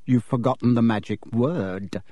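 A man voicing a young boy who speaks quickly, pleading and irritable. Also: high-pitched, sing-song, creaky, a little mellow, husky, dry recording, voice pushed up, full character voice. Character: young wizard boy, harried and defiant. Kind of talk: audiobook character voice.

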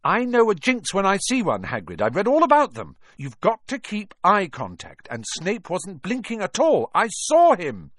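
A man's voice: sits high, huge pitch swings, moderate pace, few pauses, slightly rough, no echo, pitched above the performer's own voice, full character voice. A man voicing a clever, bossy schoolgirl in a storybook reading, talking insistently and urgently.

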